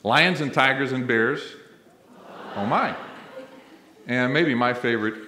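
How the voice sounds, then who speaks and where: A middle-aged man from Missouri speaks at a college ceremony, weaving light humor into anecdotes for the audience. His voice sits at an ordinary mid pitch. The large hall around him is echoey, with a faint hum of noise. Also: animated, normal speed, bright, forceful tone. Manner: humorous, conversational storyteller, playing to the audience. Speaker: college president and emcee. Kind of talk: ceremony speech with storytelling. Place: large indoor event hall.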